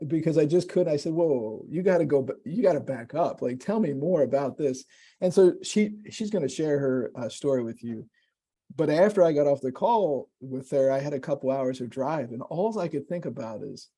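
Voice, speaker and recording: A man's voice: mid-range voice, dark tone. A man hosting an online session, introducing a guest in a loose, rambling way with many fillers and restarts. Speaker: webinar host introducing a guest. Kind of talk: casual conversational introduction. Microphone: video call.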